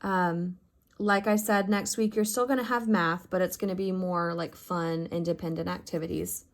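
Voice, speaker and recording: A woman's voice: lowish voice, fairly even intonation, moderate pace. A woman teaching her fifth grade math class in a recorded lesson, talking to her students in a heartfelt, affectionate and encouraging way. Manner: encouraging, upbeat teaching talk.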